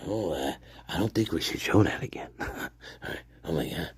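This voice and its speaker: A male livestream host with a husky, breathy voice that swings widely in pitch. He rambles and exclaims, cursing freely. The sound is dry and close. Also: lively intonation, measured pace, no echo. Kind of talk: casual livestream commentary.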